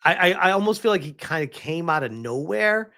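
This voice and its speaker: A show host riffs casually on online drama, reading posts aloud and rolling with sarcastic, exasperated remarks. The pitch swings widely from phrase to phrase, rising high and dropping low. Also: animated, brisk, a bit bright.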